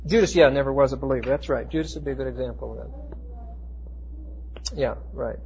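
A man teaching a Bible class, explaining Greek words with emphatic, slowed stress and frequent restarts. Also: medium pitch, big pitch swings, a little mellow, a little hiss or hum. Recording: dull lo-fi recording.

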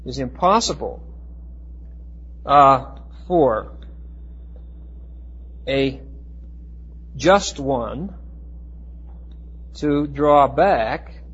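A man teaching a Bible class, explaining Greek words with emphatic, slowed stress and frequent restarts. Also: mid-range voice, expressive, fairly bright tone, slightly rough. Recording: dull lo-fi recording.

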